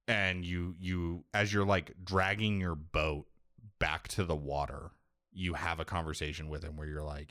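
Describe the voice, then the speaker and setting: A man with a very low, deep voice talks loosely and profanely, piling up "like" and "you know" as he retells a video game's plot. He often slips into quick impressions of the characters before dropping back to his easy, casual chat. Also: fairly even intonation, a bit bright, no echo, studio quality. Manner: rambling, profane, acts out quoted lines. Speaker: podcast co-host recapping a game.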